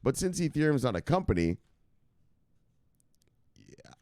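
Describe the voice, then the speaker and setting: A man's voice: mid-range voice, big pitch swings, unhurried, a little mellow, slight background noise. A man hosting a crypto news livestream in a loose, rambling way, swearing freely and barking out catchphrase sign-offs. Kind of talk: casual livestream chat.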